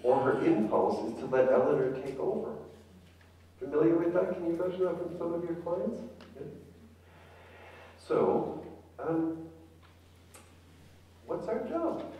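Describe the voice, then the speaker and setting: A man's voice: on the high side, animated, measured pace, long pauses, warm tone, distant mic. Man lecturing in an echoey hall. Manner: engaging, asks the audience questions. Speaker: conference speaker, family therapist. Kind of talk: conference talk. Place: conference hall.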